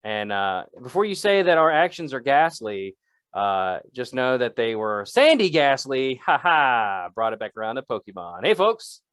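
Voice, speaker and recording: A man's voice: very animated, moderate pace, fairly bright tone, smooth, no room sound. Rambling jokey man on a dry mic. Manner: rambling, jokey, shifts pitch a lot. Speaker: podcast co-host. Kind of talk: improvised comedy podcast banter.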